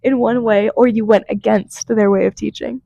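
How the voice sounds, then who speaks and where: A woman's voice: a little high, steady tone, moderate pace, gravelly, warm tone, dry recording, muffled recording. A teenage girl interviewing her teacher, joking and giggling as she talks. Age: teens. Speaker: student interviewer. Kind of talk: casual interview chat.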